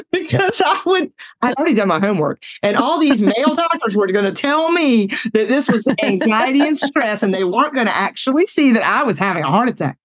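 A woman, telling personal stories in casual talk, animated and laughing often as she acts out the voices in her story. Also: fairly high pitch, brisk, dry recording. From Southern United States.

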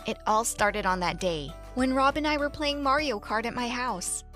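A woman narrating a first-person story in a lively, animated way. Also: fairly high pitch, moderate pace, soft background music.

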